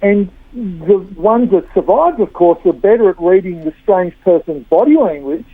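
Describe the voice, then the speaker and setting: A woman's voice: fairly low pitch, lively intonation, normal speed, dry recording. A woman guest explains her points over a thin, phone-like line. Her delivery is full of fillers and repeated starts, and the sound is dry with no room to it. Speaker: body language trainer.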